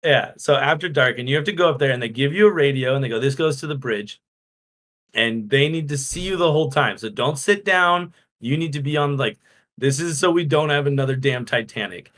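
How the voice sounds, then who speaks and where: A man's voice: medium pitch, a little fast, a bit bright. A man co-hosting a podcast, chatting casually and explaining in long run-on stretches. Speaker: podcast co-host. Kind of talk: casual chat.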